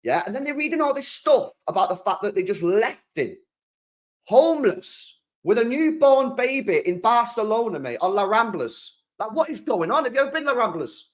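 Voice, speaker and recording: A young man with a British accent hosts a casual live stream, chatting excitably in slang and circling back to the same points. His voice sits high for a man. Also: normal speed. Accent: British English. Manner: excitable, slangy, repeats himself. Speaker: football channel host.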